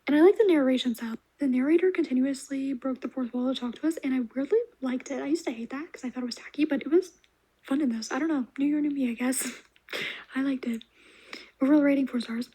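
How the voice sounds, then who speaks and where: A young woman reviewing books in a casual vlog, gushing and animated, with soft half-whispered asides. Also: high-pitched, fast, rough recording. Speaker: book reviewer. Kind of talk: casual reading wrap-up vlog.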